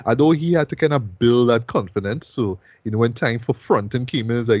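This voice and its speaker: A man's voice: mid-range voice, brisk, hardly any pauses, a little mellow, dry recording, lo-fi sound. A man hosting a music review show, talking loosely and casually and ending most sentences with "right?".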